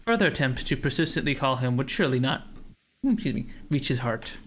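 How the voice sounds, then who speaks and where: A man's voice: medium pitch, lively intonation, fairly quick, a bit bright. Man narrating a visual novel on stream.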